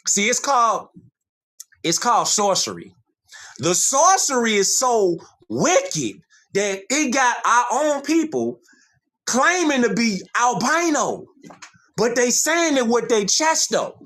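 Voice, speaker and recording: Male livestream host; slow, lively, preachy lecturer who reads passages aloud. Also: extremely high pitch. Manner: preachy, repeats points for emphasis, reads from screen. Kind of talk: livestream monologue lecturing on history.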